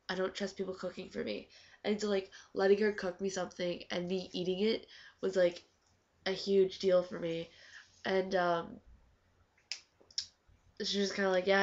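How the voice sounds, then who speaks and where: A teenage girl chatting casually in a vlog, full of "like" fillers and acted-out quotes. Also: mid-range voice. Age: teens. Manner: chatty, lots of "like", acts out quoted talk. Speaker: vlogger. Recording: dull lo-fi webcam audio.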